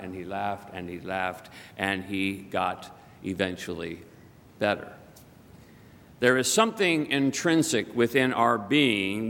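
A male pastor reads scripture and preaches with an easy, joking warmth of delivery, his pitch sitting mid-range. The long reverb of a church hall surrounds his voice. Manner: conversational, humorous. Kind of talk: scripture reading and sermon.

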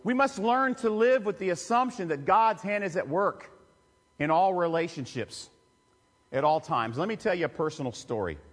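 A man, a pastor telling a personal story in a sermon with emotional, confessional warmth. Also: high-pitched, lively intonation, moderate pace. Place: church sanctuary. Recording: long reverb of a church hall.

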